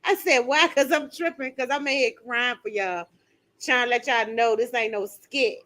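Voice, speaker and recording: A middle-aged woman talks on a live stream from home, animated and quick to exclaim or laugh. Her voice sits on the high side and has a sharp, bright edge. She is picked up by a phone. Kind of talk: live stream commentary and chat with viewers.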